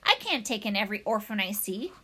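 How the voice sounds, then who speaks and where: A blunt old goose speaks in a brisk, scolding squawk that is animated and bright. A woman reads her in a storybook. She is no-nonsense and sure of herself, a practical elder of the pond. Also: medium pitch, slightly rough, heavily acted.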